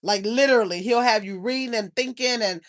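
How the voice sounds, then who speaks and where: A woman's voice: a little high, a little fast. An older woman chats casually on a livestream. She rambles, stops to search for things, and calls her viewers y'all. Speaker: channel host.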